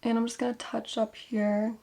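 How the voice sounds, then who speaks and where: A woman's voice: a little high, little pitch movement, moderate pace, creaky, noisy background. A young woman vlogger chatting casually through a makeup tutorial, rambling and correcting herself as she goes.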